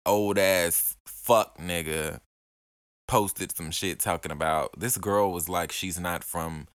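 A man's voice: low voice, takes it slowly, clean tone, no echo, studio quality. A young man, ranting profanely and hurling mocking insults in a casual podcast monologue. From Alabama. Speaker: podcast host.

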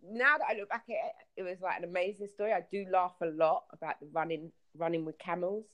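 Brief: woman, storytelling guest on a call-in podcast, animated, plays out dialogue. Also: on the low side, fast. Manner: animated storyteller, acts out quotes. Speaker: guest telling travel stories. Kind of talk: casual podcast chat.

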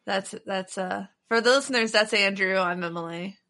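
A woman co-hosting a podcast in casual chat, playful, with quick asides. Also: medium pitch, bright, forceful tone. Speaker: podcast co-host.

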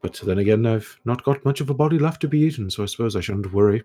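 A man voicing the ghost of a scholarly, robed male high elf who rambles in a fussy, absent-minded way. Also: animated, fast, dark tone. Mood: wry.

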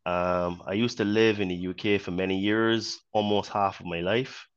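A man from Barbados with a mixed Caribbean and British accent, a podcast guest talking in an earnest, measured way. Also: low voice, steady tone, clean tone, lo-fi sound. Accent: Barbadian with British influence. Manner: earnest, measured, many you-knows. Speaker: podcast guest, fitness trainer. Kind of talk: casual interview talk.

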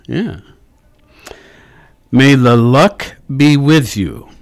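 Slow, dry-voiced male radio host. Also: mid-range voice, very animated, gravelly, no room sound. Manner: slow, dry, reads puns haltingly. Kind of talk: casual radio chat.

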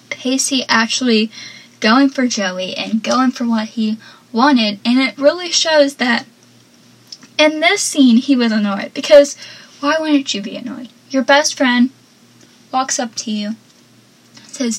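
A woman's voice: a little high, husky, rough recording. A young woman hosting a podcast, chatting casually and with strong opinions as she recaps a TV episode, with lots of "like.". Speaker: podcast host.

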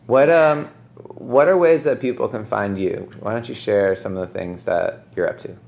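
A man's voice: on the low side, moderate pace, creaky, darkish tone. A man hosting a podcast in casual chat, rambling and reflective, often saying "like" and "right?". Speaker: podcast host.

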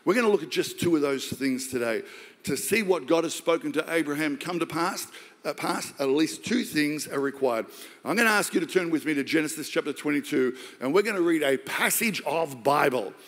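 An Australian man preaching a sermon as pastor, jokey and animated, acting out the voices of the story. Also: on the high side, fairly quick. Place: large church hall. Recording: long hall reverb.

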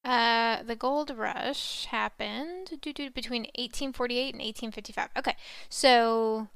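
A woman co-host chats casually with a bright, clear tone. Her voice sits a little high and is recorded close and dry. She keeps telling a spooky legend while slipping into giggly, rambling side stories. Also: a little slow, dry recording. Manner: giggly, chatty, rambling asides. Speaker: podcast co-host.

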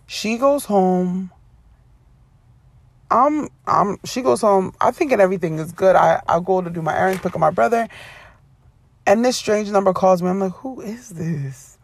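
A woman casually retelling a personal story to her viewers, rambling and animated with frequent self-corrections. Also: medium pitch, normal speed, vocal fry, long pauses, no room sound.

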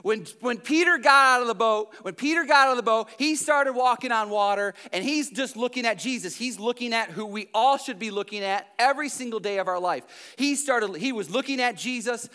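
A man who is a pastor, preaching a sermon in a church with dynamic delivery that swings from loud to hushed. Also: extremely high pitch, a little fast, hardly any pauses, clear, resonant tone.

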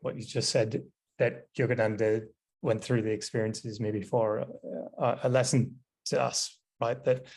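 A man with a slightly husky voice joins a casual group discussion. He talks in a reflective, musing way, pausing with fillers between thoughts. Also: medium pitch, a little mellow.

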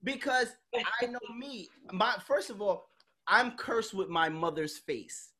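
A woman's voice: medium pitch, animated, unhurried, sharp tone, a little hiss or hum. A woman hosting a podcast, chatting casually in a blunt, emphatic way and swearing freely. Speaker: podcast host. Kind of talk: casual chat.

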